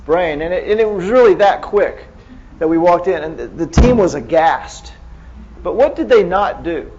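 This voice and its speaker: A man's voice: sits high, expressive, moderate pace, muffled recording, over music. A man giving a conversational medical lecture as a neurohospitalist, quizzing the audience with frequent restarts.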